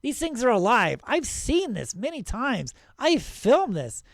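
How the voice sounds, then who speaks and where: A middle-aged man hosting his own channel, talking excitedly and rambling, with many restarts and frequent "right?" checks. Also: very high-pitched, a little slow, creaky, no echo, studio quality. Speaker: channel host. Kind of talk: casual video commentary.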